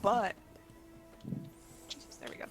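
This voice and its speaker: A man narrating a tabletop game as game master, halting and laughing often. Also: soft background music.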